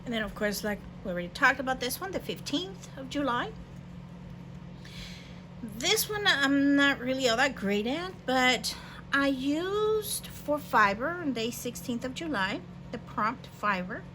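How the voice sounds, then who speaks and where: Woman in her forties, bilingual, casual rambling hobby-art chat, somewhat high voice, hum behind. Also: sing-song, unhurried. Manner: rambling, hesitant, many fillers. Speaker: hobby artist. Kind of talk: casual show-and-tell.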